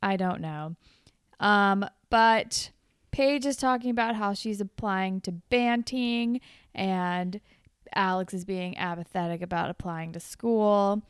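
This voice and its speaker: A woman's voice: medium pitch, takes it slowly, clean tone, no room sound. A young woman co-hosting a casual podcast chat, laughing often and filling her talk with "like". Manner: laughs often, lots of fillers like "like". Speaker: podcast co-host.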